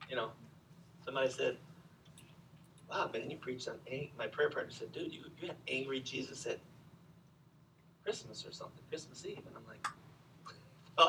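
A man preaching a sermon, telling the story with animated swings from loud to hushed. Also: high-pitched, recorded from a distance, a little hiss or hum, low-quality recording. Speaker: pastor.

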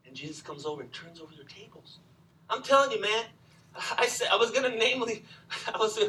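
A man preaching a sermon, telling the story with animated swings from loud to hushed. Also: sits high, a little fast, far from the mic, slight background noise, poor audio. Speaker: pastor.

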